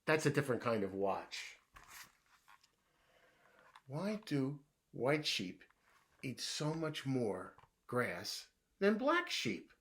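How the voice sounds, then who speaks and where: A man reads a children's riddle book aloud at an easy, unhurried pace. His voice is bright and forward. He plays both sides, asking each riddle, answering in a hushed, puzzled voice, then giving the punchline himself. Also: medium pitch, huge pitch swings. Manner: drops to a hushed voice when playing the puzzled guesser.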